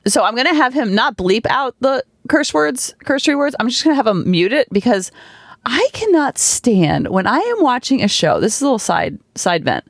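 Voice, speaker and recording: A woman's voice: a little high, very animated, normal speed, no room sound, clean studio sound. A middle-aged woman hosting a podcast, chatting casually and animatedly, with lots of fillers. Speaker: podcast host and coach. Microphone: studio podcast microphone.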